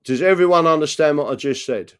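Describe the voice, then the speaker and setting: A man's voice: on the high side, fairly quick, clear, resonant tone. A man hosting a live political stream, rambling earnestly, often asking "right?" and reading out viewer messages. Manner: reads out and answers viewer messages. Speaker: political livestream host.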